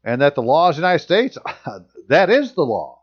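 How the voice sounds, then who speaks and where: A man's voice: a little high, wildly swooping pitch, moderate pace, muffled recording. A man reading passages aloud and commenting on them in casual, sarcastic asides as a channel host.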